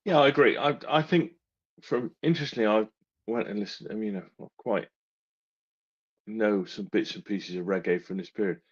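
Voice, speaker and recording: A man's voice: on the low side, normal speed, slightly rough, highs cut off. A man co-hosting a casual album review chat, thoughtful and agreeable. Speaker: co-host.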